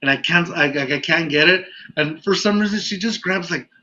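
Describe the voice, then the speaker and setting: A man hosting a podcast, telling a story in an animated, casual way and laughing often. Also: a little high, fairly quick, slight background noise. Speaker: podcast host. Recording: dull lo-fi audio.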